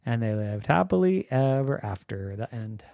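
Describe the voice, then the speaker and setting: A man telling an improvised bedtime story in a gentle, playful way. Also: mid-range voice, sing-song, normal speed, creaky, no room sound, highs cut off.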